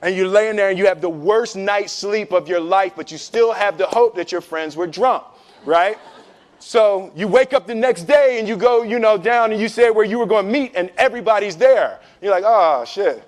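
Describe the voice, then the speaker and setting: Middle-aged guy telling a story, fairly high voice, casual and loose, lots of fillers. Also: moderate pace. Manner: acts out voices, shouts and laughs while telling the story; casual, many fillers and repeats. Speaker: speaker telling a story to an audience. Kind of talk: animated storytelling speech.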